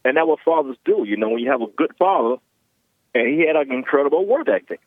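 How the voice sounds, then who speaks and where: A man's voice: mid-range voice, expressive, fast talker, dry recording. A man calling in to a talk show, talking in a rambling way and filling his speech with filler words. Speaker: caller. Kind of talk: phone call to a talk show. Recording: tinny phone line.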